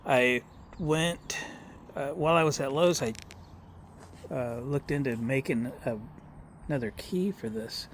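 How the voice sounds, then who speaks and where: Middle-aged guy rambling folksy about his little electric truck, outside, lots of background noise, middle pitch. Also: unhurried, pauses often. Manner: folksy, rambling, addresses viewers as boys and girls. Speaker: vlogger showing his electric utility car. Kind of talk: casual vlog talk. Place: outdoors, at a restaurant lot and by a barn. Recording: outdoor noise behind the voice.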